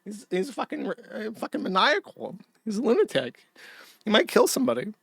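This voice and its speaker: A man's voice: sits high, big pitch swings, moderate pace, creaky, a bit bright, husky, no room sound, pitched above the performer's own voice, full character voice. A man voicing a panicking male platform reviewer who frets anxiously about letting someone into a program. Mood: panicked.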